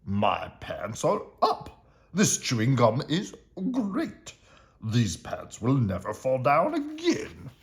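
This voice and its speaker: A man's voice: mid-range voice, wildly swooping pitch, slow, exaggerated voice. A man voicing a grumpy old male mouse in a storybook read-aloud, crying out for help and then crowing with delight. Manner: cries out in distress, then crows with delight.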